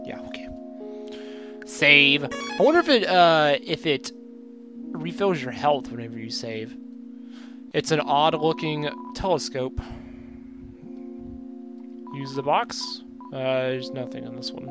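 A man talks through a video game in a loose, casual commentary, his voice sitting a little high. He gets excitable and swears freely, sometimes reading the game's text aloud. Game music plays clearly beneath him. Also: slow pace, pauses often. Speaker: let's play gamer.

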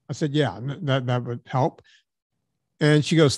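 A man's voice: mid-range voice, normal speed, no room sound, studio quality. A man hosting a podcast, telling a story in casual chat and acting out the dialogue, with some casual swearing. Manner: animated storyteller, acts out dialogue. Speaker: podcast host.

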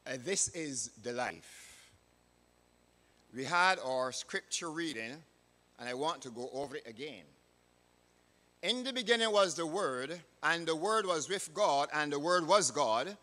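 A man with a Barbadian accent, a church elder, preaching a sermon in a measured, emphatic way. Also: on the high side, expressive, sharp tone. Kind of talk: sermon with a read-aloud story. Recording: reverberant hall.

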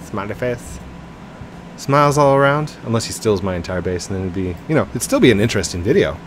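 Gaming host, man, low voice, unhurried delivery, over a steady background hum. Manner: chatty, jokey, giggles and talks to his teammate. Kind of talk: casual gameplay commentary.

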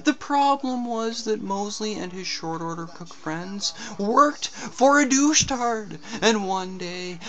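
A man narrating a comic tale in a deadpan, meandering way. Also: high voice. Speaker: comedic storyteller. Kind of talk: comic storytelling.

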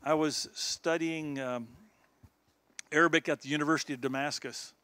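A man's voice: on the high side, fairly even intonation, moderate pace, bright, forceful tone, dry recording. A man of sixty giving an earnest, exhorting sermon to a church youth group. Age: 60s. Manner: earnest, exhorting, chuckles between points. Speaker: guest speaker.

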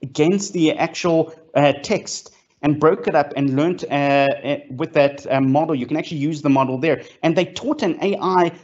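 A man's voice: fairly high pitch, moderate pace, darkish tone. A man, presenting as a guest speaker in a fireside chat, enthusiastic, with many fillers and restarts. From South Africa. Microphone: video call. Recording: lo-fi online call audio.

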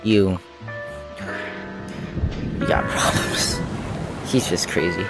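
A man giving let's play commentary, blurting out excited reactions as he plays. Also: fairly low pitch, takes it slowly, pauses often, over music. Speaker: gamer.

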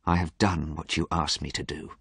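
A man voicing a frightened young scientist who flatly refuses to help an old friend. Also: lowish voice, a little fast, dry recording, studio quality. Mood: quiet, cold. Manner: refusing, tense, fearful.

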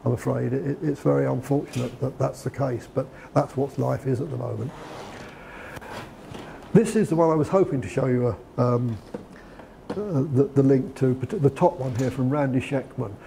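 A man delivers a lecture in a relaxed, conversational way, often restarting his sentences. His voice is gravelly and mellow, with a faint hiss of noise underneath. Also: mid-range voice, normal speed. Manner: conversational with frequent restarts and fillers. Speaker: guest lecturer. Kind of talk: lecture on preparing a CV.

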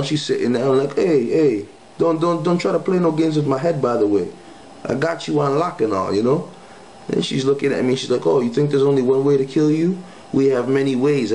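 Young man, low voice, casual slangy storytelling, acts out voices, faint background hiss. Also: poor audio. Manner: animated, slangy, acts out quoted lines. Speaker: guest giving testimony. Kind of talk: casual spoken testimony storytelling.

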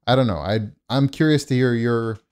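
Mellow-voiced man telling a rant. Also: medium pitch, fairly quick, clean tone. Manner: rambling, indignant, asks rhetorical questions. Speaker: host. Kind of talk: casual storytelling monologue.

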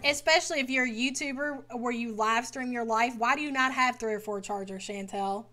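Brief: woman reaction host, blunt and exasperated, a touch high-pitched. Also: brisk, sharp tone, slight background noise. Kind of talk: casual commentary.

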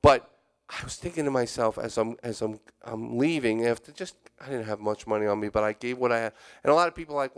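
A man's voice: mid-range voice, fast, clean tone. A man preaching a sermon as a church elder, telling stories in a conversational way and repeating key lines for emphasis. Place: church sanctuary.

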